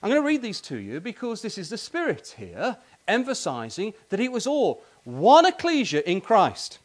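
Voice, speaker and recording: A man's voice: high-pitched, wildly swooping pitch, normal speed. A man preaching a sermon in a tent meeting, emphatic and repetitive, often addressing his listeners as brothers and sisters.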